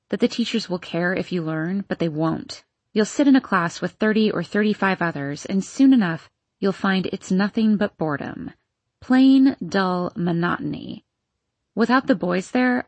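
A woman's voice: lowish voice, expressive, moderate pace, no echo. A woman voicing a jealous, scornful teenage girl who talks in a sneering, bitter way.

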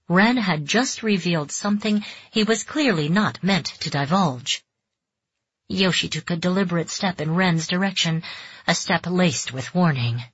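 A woman reading a novel aloud in calm, even scripted narration. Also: low-pitched, slightly rough, no echo. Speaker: audiobook narrator. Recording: dull dry audiobook recording.

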